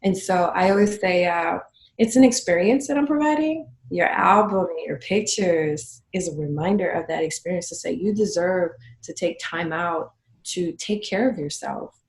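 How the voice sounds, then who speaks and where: A middle-aged woman as an interview guest, telling stories warmly and acting out her clients' words. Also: fairly low pitch, steady tone, normal speed, reverberant. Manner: warm storytelling, acts out clients' lines. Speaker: guest, photography business owner. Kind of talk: conversational interview.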